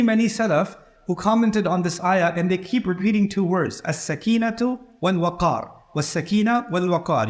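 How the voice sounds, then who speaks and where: A man with a fairly high voice delivers a sermon. He talks in a relaxed, conversational way and acts out the people in his stories. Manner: conversational, acts out quoted dialogue. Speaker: preacher.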